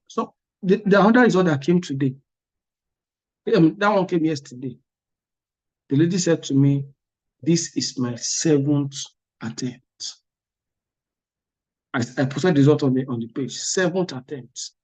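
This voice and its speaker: A man's voice: a little high, measured pace, pauses often, a little mellow, dull audio. Emphatic man tutoring. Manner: emphatic, repeats words, asks "are you with me?". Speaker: exam prep tutor. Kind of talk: motivational class talk.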